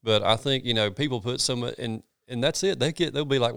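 A man's voice: mid-range voice, a little fast, creaky, fairly bright tone, smooth, no echo, clean studio sound. A man, a pastor talking in a casual chat, earnest and folksy, with many restarts.

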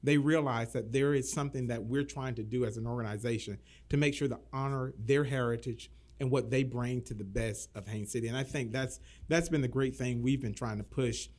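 A man's voice: mid-range voice, darkish tone. A man from Florida who is a city manager, talking earnestly in a casual interview and often repeating words as he starts a thought.

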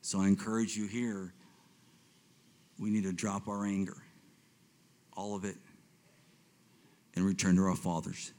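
A man in his fifties shares his personal faith testimony with a congregation, swinging between hushed reflection and excited retelling and often repeating himself. His voice is deep, with a measured pace and long pauses.

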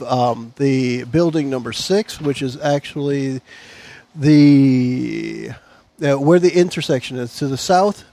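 A man's voice: a little high, mellow, dry recording. A man narrating a tabletop game as game master, playful and loose, with fillers between his descriptions.

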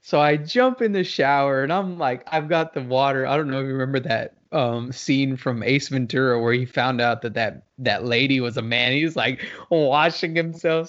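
A man telling a story in casual chat, laughing often and shouting out his own quoted reactions. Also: on the high side, moderate pace, few pauses, highs cut off. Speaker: podcast co-host.

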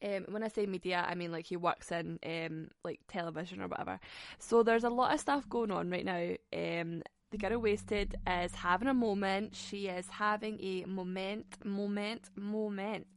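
A woman's voice: on the low side, normal speed, no echo. A woman in her twenties hosting a podcast, chatting frankly and swearing, with frequent laughs. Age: 20s. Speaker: podcast host. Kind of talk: casual solo podcast chat.

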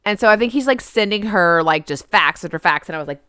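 A woman's voice: lowish voice, animated, quick pace, fairly bright tone, clear, resonant tone, no echo, clean studio sound. A woman co-hosting a podcast, chatting casually and laughing as she recaps a film, with "like" in almost every sentence. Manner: chatty, giggly, peppered with "like". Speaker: podcast co-host.

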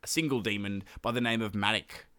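A man's voice: fairly low pitch, brisk, pushed and bright, clear, resonant tone, no echo. A man co-hosting a podcast, retelling a myth in a casual, joking way with slang. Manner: joking, slangy, acts out characters in asides. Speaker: podcast co-host.

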